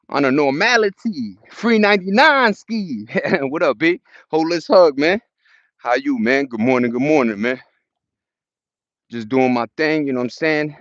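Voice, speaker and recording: Upbeat New York vlogger, mid-pitch, cursing and greeting chat on a walk, dry dull phone sound. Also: male voice, no room sound. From Brooklyn, New York. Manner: upbeat, profane street slang, greets viewers; talking while walking uphill outdoors. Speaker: livestreaming vlogger. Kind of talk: casual live-stream chat. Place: outdoors in a park on a hill. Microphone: phone held at arm's length.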